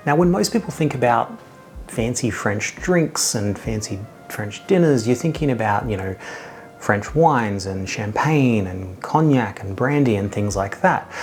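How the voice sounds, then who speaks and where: An Australian man with a mid-pitched voice hosts a casual whisky review video. His talk is chatty and self-mocking, with jokey asides along the way. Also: darkish tone. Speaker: whisky reviewer, channel host.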